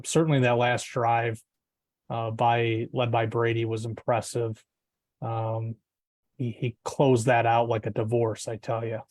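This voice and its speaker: Halting male sports panelist, dry sound. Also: mid-range voice, darkish tone, no echo. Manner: halting, repeats words while thinking. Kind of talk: casual sports picks chat.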